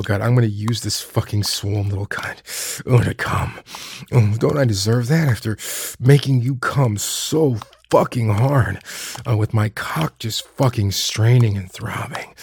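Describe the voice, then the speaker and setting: A man performing an intimate audio role-play, speaking in a dominant, murmured way with constant low hums. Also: gravelly, dark tone, breathy edge, no room sound.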